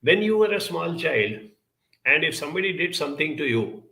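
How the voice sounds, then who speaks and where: A man with a gravelly, bright voice talks earnestly as a program guest. He tells a childhood story and poses rhetorical questions in a reflective way. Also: on the high side, sing-song, fairly quick. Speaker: guest speaker.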